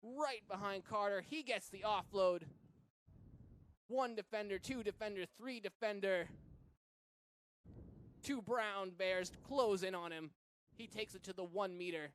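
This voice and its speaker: A man from Massachusetts doing live play-by-play rugby commentary, getting excited when big plays happen. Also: sits high, a little slow, long pauses, a little hiss or hum.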